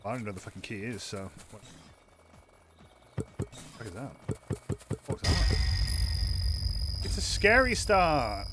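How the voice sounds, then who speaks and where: A man's voice: on the low side, normal speed, long pauses, noisy background. A man streaming a game, rambling and joking, swearing a lot and mumbling asides. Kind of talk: casual gameplay commentary.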